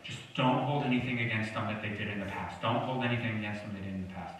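In a church sanctuary with echoey, distant sound and a little hiss or hum, a young male pastor talks fast in a fairly low, fairly bright voice with fairly even intonation. He delivers his sermon conversationally and with humor, prompting replies from the congregation.

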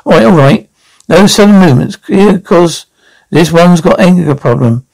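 In this TV comedy sketch, a woman plays a rude, cheeky elderly London nan who mocks, heckles and calls people names with plenty of foul language. She speaks on the low side with lively intonation, a creaky, slightly mellow texture and a moderate pace, captured on poor audio.

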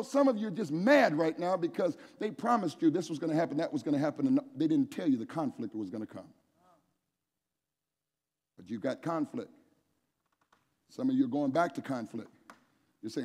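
A male preacher delivers an animated sermon in a large church, prodding the audience to call back and raise hands. His voice sits a little high and has a husky edge. The sound rings with long reverb from the hall. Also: fairly quick. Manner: animated, pushes the crowd to answer and raise hands. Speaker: preacher at a men's conference. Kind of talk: energetic sermon with call-and-response.

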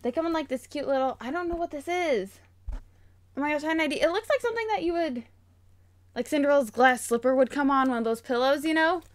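Bubbly high-voiced young woman. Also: fast, no room sound. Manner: bubbly and excitable, gushing with frequent gasps. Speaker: toy unboxing vlogger. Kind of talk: casual unboxing chat.

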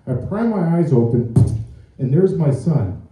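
A man's voice: a little high, expressive, unhurried, dark tone, soft background music. A man doing a stand-up comedy set, telling a story with acted-out quotes and asking the crowd questions from a club stage. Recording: roomy and far from the mic.

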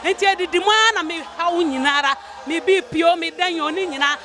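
Woman, church testimony, very high bright voice, excitable, soft music behind. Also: a little fast. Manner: animated, often exclaiming. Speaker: church member giving testimony. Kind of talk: emotional testimony.

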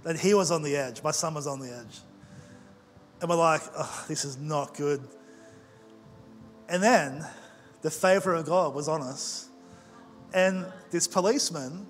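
Pastor preaching in a reverberant hall. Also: male voice, on the high side. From Australia. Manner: conversational storytelling with quick asides. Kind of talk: sermon. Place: large church auditorium. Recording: long church hall reverb with faint music.

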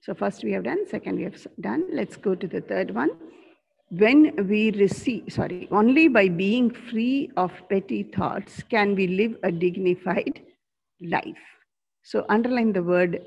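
A woman teacher, giving an online class from a school corridor, slowly repeating answers and spelling out words. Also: medium pitch, gravelly, slightly rough. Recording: dull lo-fi sound.

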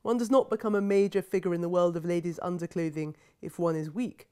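A woman reads aloud from her own novel in a measured, wry manner. Her voice sits somewhat low for a woman. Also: steady tone, warm tone, clear, resonant tone. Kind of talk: literary reading aloud.

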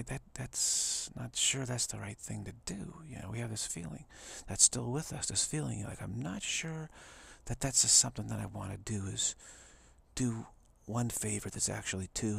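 A man, a spiritual teacher, giving a reflective talk in a musing, soft way, sometimes dropping into a whisper. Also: fairly low pitch, gravelly, slightly rough.

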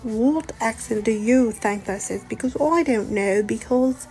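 A woman's voice: on the high side, unhurried, warm tone, soft background music. A woman putting on a vague, half British, half Australian accent in a playful, sweet-talking way.

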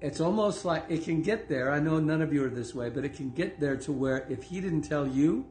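A man giving a casual online Bible teaching, talking conversationally with many asides and laughs, and slowing down to read scripture aloud. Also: fairly high pitch, animated, darkish tone, roomy sound, slight background noise. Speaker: preacher.

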